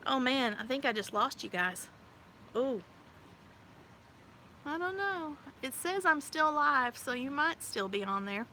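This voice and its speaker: A woman in her forties chatting casually on her live stream outdoors, bubbly and quick to laugh. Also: high-pitched, very animated, bright, forceful tone. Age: 40s. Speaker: livestream host. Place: outdoors by a pool on a windy day. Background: wind gusts.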